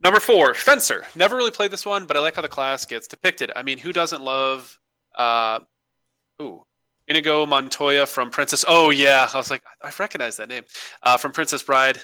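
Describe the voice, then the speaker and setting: A man co-hosting a podcast, reading listener emails and bantering in a joking, animated way. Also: medium pitch, normal speed, no echo. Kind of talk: casual podcast chat. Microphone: home microphone on a remote call.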